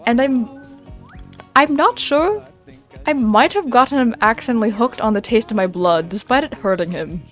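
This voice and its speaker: A woman voices a mischievous woman with glowing blood who spills secrets with glee. Her pitch leaps all over as she tells the story, and faint music plays behind her. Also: normal speed, lightly acted. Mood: amused. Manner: animated, gossipy, playful storyteller. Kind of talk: in-character roleplay storytelling.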